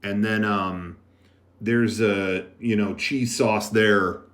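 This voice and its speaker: Speaking slowly with fairly even intonation, a man with a fairly low, slightly bright voice hosts a casual livestream from an editing room. His talk to the live chat wanders, chatty and loaded with fillers and restarts.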